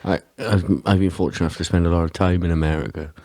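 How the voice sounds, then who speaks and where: A man's voice: low-pitched, fairly even intonation, fast, a little mellow, dry recording, clean studio sound. A Welsh man co-hosting a podcast, rambling and often asking if he is understood. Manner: rambling, repeats "you know what I mean". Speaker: podcast co-host. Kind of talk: casual podcast chat.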